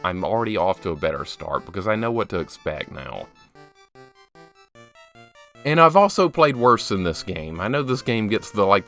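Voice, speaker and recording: A man with a deep, slightly bright voice streams a video game live, offering casual commentary. He greets viewers by name and pokes fun at himself as he plays.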